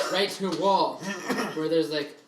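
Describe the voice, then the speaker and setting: A man narrating and refereeing a tabletop game as game master, brisk and often laughing. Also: on the high side, fairly bright tone. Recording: echoey room, faint noise.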